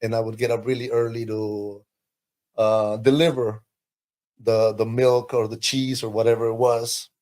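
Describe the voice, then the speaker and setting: A man from Peru shares his life story as a podcast guest. He talks in a medium register and tells it with animated feeling, his pitch leaping up when he gets excited. He sounds like he is reliving each moment as he speaks. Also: a little slow. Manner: animated, emotional storytelling with sudden high pitch lifts. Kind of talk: personal testimony in conversation.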